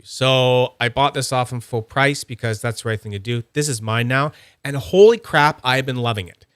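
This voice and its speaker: A man's voice: mid-range voice, lively intonation, normal speed, a bit bright, clear, resonant tone, no echo, clean studio sound. A young man rambling casually about fidget toys, full of fillers and restarts. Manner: rambling, filler-heavy, chatty. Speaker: fidget toy reviewer. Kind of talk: casual unboxing chat.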